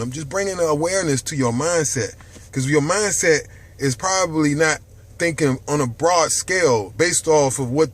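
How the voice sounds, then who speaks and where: A man giving an impassioned, profane health monologue to camera from a dark room, swinging from loud outbursts to hushed near-whispers. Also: on the high side. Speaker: health vlogger.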